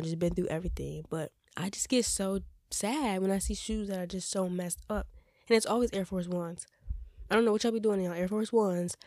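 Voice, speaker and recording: A woman's voice: mid-range voice, darkish tone, no echo, studio quality. A young woman hosting a casual chat podcast, chatty and opinionated, and her voice sounds congested. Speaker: podcast host.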